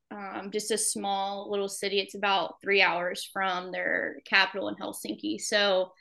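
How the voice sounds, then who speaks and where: A woman's voice: medium pitch, fairly bright tone. A young woman from Alabama with a Southern accent, chatting casually as a podcast guest and laughing often. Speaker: podcast guest, hockey wife. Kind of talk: casual interview chat.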